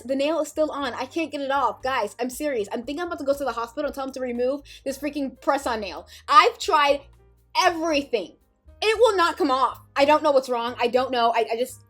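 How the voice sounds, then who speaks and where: A high-pitched woman vlogger greets her viewers with dramatic, playful slang. Her voice sits well above the usual range. Faint music plays under her talk. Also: fairly bright tone. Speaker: YouTube host. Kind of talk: casual chat to camera.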